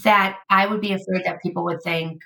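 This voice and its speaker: A woman's voice: fairly low pitch, steady tone, brisk, gravelly, pushed and bright, rough recording. A middle-aged woman hosting a podcast, chatting in a rambling way with lots of "like" fillers. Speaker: podcast host. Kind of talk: casual interview chat.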